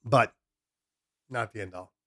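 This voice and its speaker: A man's voice: fairly low pitch, unhurried, no echo, clean studio sound. A man hosting a DJ live stream, answering viewer questions in a loose, rambling way with many ums and restarts. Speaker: DJ podcast host. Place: home studio room.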